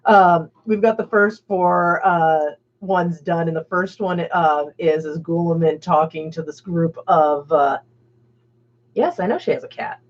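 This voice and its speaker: A woman's voice: fairly low pitch, unhurried. A woman hosting a livestream, chatting casually with many fillers and laughs. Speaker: stream host. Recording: dull lo-fi stream audio.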